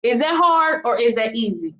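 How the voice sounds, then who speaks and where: A woman's voice: on the high side, big pitch swings, moderate pace, fairly bright tone, muffled recording. A woman coaching her team in an emphatic, fired-up motivational talk full of rhetorical questions. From United States. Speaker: team leader and business coach. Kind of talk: motivational talk to an online group.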